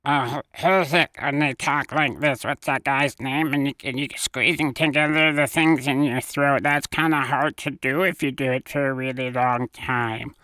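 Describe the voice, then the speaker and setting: A man's voice: mid-range voice, fairly even intonation, normal speed, hardly any pauses, bright, forceful tone, no room sound, pitched above the performer's own voice, natural voice, poor audio. A man putting on a pinched, constricted voice made by squeezing his throat. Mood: puzzled. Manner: strained and nasal-pinched.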